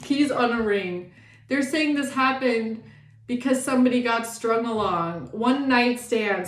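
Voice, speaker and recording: A woman giving a casual tarot reading, animated and sassy, swearing often and acting out the people she talks about. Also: on the high side, reverberant. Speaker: tarot reader.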